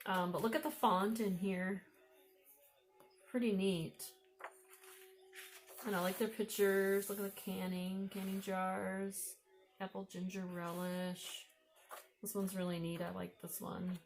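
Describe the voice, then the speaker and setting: A woman's voice: mid-range voice, steady tone, a little slow, long pauses, faint music behind. A woman with an Upper Midwest American accent, chatting casually as she shows off vintage books she found at thrift stores and admires the pictures while thinking aloud. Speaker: vlogger showing thrift finds. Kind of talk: casual show-and-tell.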